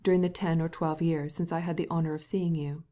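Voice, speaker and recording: A man's voice: fairly high pitch, flat delivery, a little fast, dark tone, close to an everyday voice. Storybook aristocrat, older man, dry irony, read by a woman narrator. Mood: courteous. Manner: courteous. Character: polite ironic elderly Russian prince.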